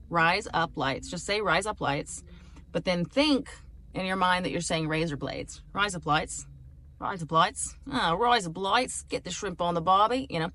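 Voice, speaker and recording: A woman's voice: fairly low pitch, a bit bright. A woman comedian talking casually to camera in a rambling, chatty way, laughing and swearing freely. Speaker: stand-up comedian.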